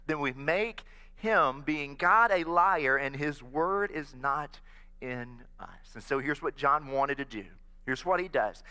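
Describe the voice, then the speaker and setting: A man's voice: on the high side, sharp tone. A man preaching a sermon as pastor, earnest and inviting the congregation to repeat phrases after him. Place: church sanctuary. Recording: long reverb of a church hall.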